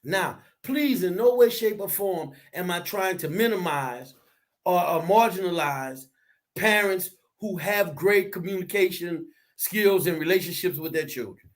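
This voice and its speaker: Co-hosting a relaxed discussion, this man has a high voice and a measured pace. He grows preachy and animated, at times almost shouting.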